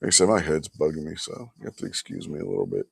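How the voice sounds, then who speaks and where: A man's voice: very deep voice, sing-song, fast, gravelly, breathy edge, no room sound, studio quality. A man hosting a casual livestream chat, tired and yawning, talking in a blunt, grumbling way that slips into swearing. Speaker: host.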